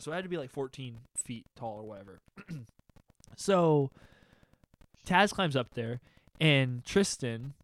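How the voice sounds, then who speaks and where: A man's voice: mid-range voice, dry recording. A young man telling a funny story in casual chat, acting out his friends' voices and laughing often.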